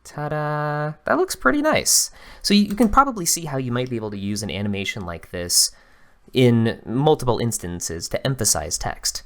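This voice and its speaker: A man hosting a screen-recorded software tutorial, explaining each step in a relaxed, conversational way. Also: mid-range voice, moderate pace.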